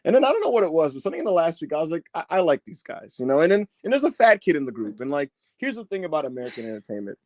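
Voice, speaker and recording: A man co-hosting a wrestling podcast, telling stories in casual chat and loudly mimicking other fans. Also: fairly high pitch, very fast, few pauses. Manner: animated storyteller, loud impressions of fans. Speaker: podcast co-host. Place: in Newark.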